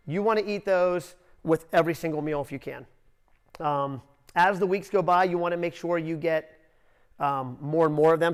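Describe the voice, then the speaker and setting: A man leading a nutrition seminar, talking straight to the group with direct coaching and quick asides. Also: fairly high pitch, smooth. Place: seminar room.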